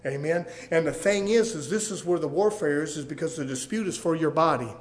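A man preaching a fiery sermon, dropping low and quiet, then rising to loud shouted passages in a repetitive, emphatic cadence. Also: fairly quick.

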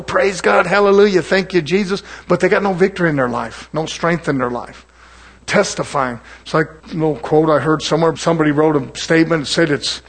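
Husky-voiced man preaching a sermon. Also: a little high. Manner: earnest, conversational preaching with rhetorical questions; repeats phrases for emphasis.

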